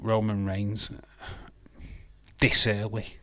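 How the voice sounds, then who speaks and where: A young Yorkshire man hosting a live wrestling watch-along, chatting loosely and swearing without a second thought. His voice sits a little low and comes through a close mic with a dry, dead sound. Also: steady tone, measured pace, long pauses, no echo. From West Yorkshire, England. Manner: chatty, swears freely, laughs often, addresses chat by name.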